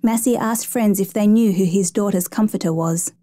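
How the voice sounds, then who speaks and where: A woman's warm, mellow, medium-pitched voice carries a true rescue narrative at an unhurried, even pace. The recording is close and dry, with no room noise around it.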